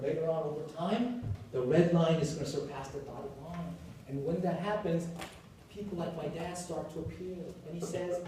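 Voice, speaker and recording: A man in his forties, a university professor, lecturing with animated storytelling and jokey asides. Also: fairly high pitch, recorded from a distance, slight background noise. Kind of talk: classroom lecture. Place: lecture hall. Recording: echoey hall, picked up from afar.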